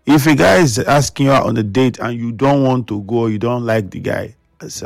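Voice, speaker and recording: A man's voice: medium pitch, a little fast, gravelly, no echo, clean studio sound, soft background music. A Nigerian man hosting a radio talk show, lecturing his listeners in a scolding, preachy way and mixing in pidgin.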